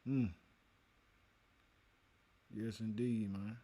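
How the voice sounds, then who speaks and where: A man hosting a livestream who reads and answers his chat in a relaxed, casual way and teaches from scripture with growing emphasis. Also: lowish voice, drawn-out words. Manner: laid-back, talks to the chat, calls listeners man and y'all.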